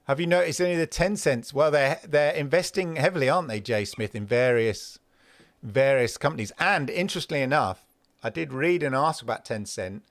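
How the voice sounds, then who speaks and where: A man's voice: mid-range voice, brisk, no room sound, studio quality. A man hosting a casual gaming livestream, rambling and talking back to his chat viewers. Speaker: host of a livestream gaming show.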